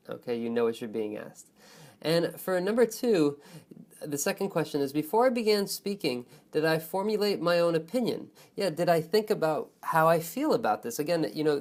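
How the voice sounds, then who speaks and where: Expressive man teaching a speaking lesson. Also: a little high. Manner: expressive, stretches key words for emphasis; friendly, often checks in with "right?" and "okay?". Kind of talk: online lesson on test speaking.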